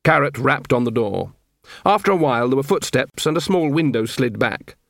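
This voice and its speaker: A man reading a novel aloud as an audiobook narrator, steady and measured. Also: mid-range voice, vocal fry, no echo, studio quality. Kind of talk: scripted narration.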